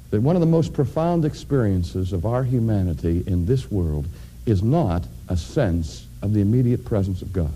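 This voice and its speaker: A man preaching a sermon, addressing his congregation directly and building to loud, emphatic climaxes. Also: medium pitch, husky. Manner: addresses audience directly with questions.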